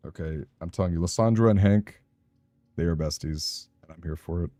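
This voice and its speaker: A man's voice: low voice, a little fast, warm tone, no room sound. A man with a Southern Californian accent, chatting in a rambling, casual way with his live-stream audience while he plays a game. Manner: chatty, rambling, answers chat aloud.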